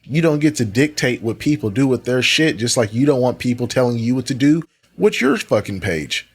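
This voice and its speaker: A man's voice: mid-range voice, big pitch swings, a little fast, slightly rough. A man doing reaction commentary, sarcastic and exasperated, swearing freely as he pushes back on a streamer's clips. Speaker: commentary host.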